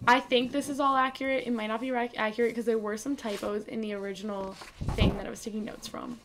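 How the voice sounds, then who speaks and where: A podcast co-host with a fairly high, slightly bright voice speaks quickly in a level tone. In casual chat, she explains a history segment at length in a loose, informal manner.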